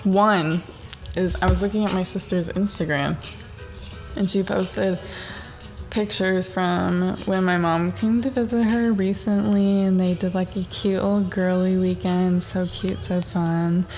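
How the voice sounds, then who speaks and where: A young adult woman hosting a casual solo podcast from her home in Southern California. She tells stories in a profane, animated way and laughs often. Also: on the low side, unhurried, soft background music. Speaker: podcast host.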